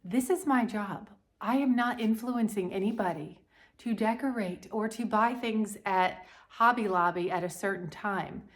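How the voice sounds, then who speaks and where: A woman's voice: medium pitch, measured pace. A middle-aged woman, talking bluntly and casually while decorating her home for a vlog. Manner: bold and blunt, folksy.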